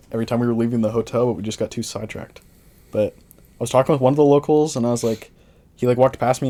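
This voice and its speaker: A man's voice: medium pitch, mellow. A young man in casual podcast chat, telling rambling stories full of slang. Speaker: podcast co-host.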